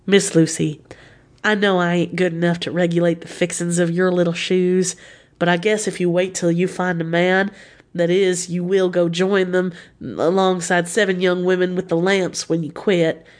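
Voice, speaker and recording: A woman's voice: on the low side, little pitch movement, normal speed, lightly acted. A woman reading the lines of an earnest young American man proposing, in a folksy, sincere way. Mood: earnest pleading.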